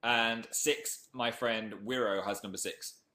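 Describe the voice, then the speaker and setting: A man's voice: medium pitch, steady tone, measured pace, bright, forceful tone, reverberant. A young man with a Northern English accent, chatting casually on a live stream and reading viewer comments aloud. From Northern England.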